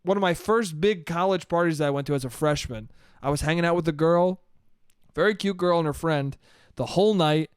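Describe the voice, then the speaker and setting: A man around thirty rambles through a solo podcast, swearing freely and poking fun at himself. His voice sits a little high and sounds smooth. The recording is close and dry. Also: a little fast, no room sound. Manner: rambling, swearing, self-deprecating, laughs a lot. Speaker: podcast host. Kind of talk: casual solo podcast monologue.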